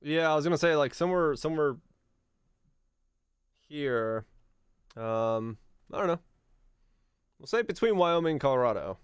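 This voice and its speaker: A man's voice: fairly high pitch, lively intonation, moderate pace, long pauses, smooth, no room sound, studio quality. A man streaming a geography guessing game, chatting casually and musing aloud, with easy laughs and the odd swear. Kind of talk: casual live-stream chat while playing a geography game.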